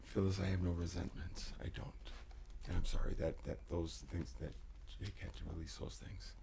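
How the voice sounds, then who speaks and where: A man hosting a livestream, talking intensely, often sinking into whispers and bursting into shouts, rambling and swearing. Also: sits low, level tone, normal speed, vocal fry, a little hiss or hum. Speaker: livestream host. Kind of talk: emotional livestream monologue. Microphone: desk USB microphone.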